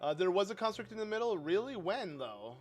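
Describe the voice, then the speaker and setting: A young man streaming a game, chatting casually and rambling as he answers his viewers, with sudden loud outbursts. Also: high-pitched, big pitch swings, fairly quick. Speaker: livestreamer playing a game. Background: game music.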